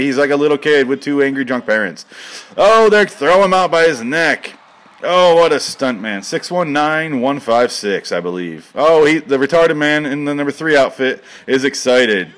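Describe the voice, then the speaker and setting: A young man giving rambling, excitable mock wrestling commentary as a comedy bit, breaking into sudden shouted bursts. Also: a little high, moderate pace.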